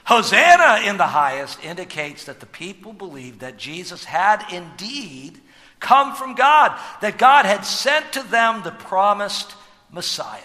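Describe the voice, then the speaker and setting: A pastor with a strikingly high, bright and forceful voice preaches in a church, leaning on rhetorical questions and sudden swells of loudness. His words ring out with a long hall reverb behind them. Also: big pitch swings, measured pace. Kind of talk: sermon.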